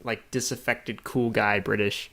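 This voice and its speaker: A man's voice: fairly low pitch, little pitch movement, measured pace, gravelly, sharp tone, no room sound. A man co-hosting a podcast in casual chat, teasing his friend and shrinking back when asked to perform. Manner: teasing, self-deprecating, trails off when put on the spot. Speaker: podcast co-host.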